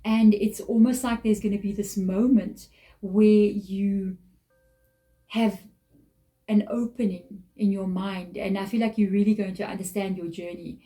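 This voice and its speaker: Woman, tarot reading to camera, warm mellow voice, emotional, earnest, repeats herself. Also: mid-range voice, fairly even intonation, measured pace, rough recording. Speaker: tarot reader.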